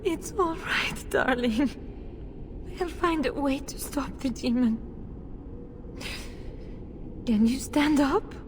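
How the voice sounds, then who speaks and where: A woman's voice: high-pitched, takes it slowly, long pauses, background noise. An actress playing a middle-aged noble mother pleading emotionally for her son in a video game. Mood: tender. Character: noble mother, desperate and grieving.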